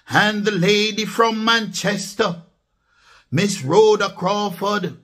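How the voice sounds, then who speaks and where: A man's voice: high-pitched, slow pace, a bit bright, soft background music. A man with a Jamaican accent giving emphatic political commentary in a casual vlog, dropping into patois and repeating points for stress. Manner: emphatic, repetitive, mixes patois into speech.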